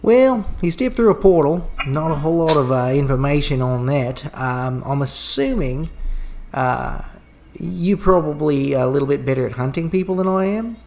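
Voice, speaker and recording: A man's voice: a little high, animated, normal speed, creaky, a little mellow, slight background noise. A man playing a cheery, scarred male rogue plumber with a put-on Australian accent, rambling and laid-back as a tabletop game player. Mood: determined.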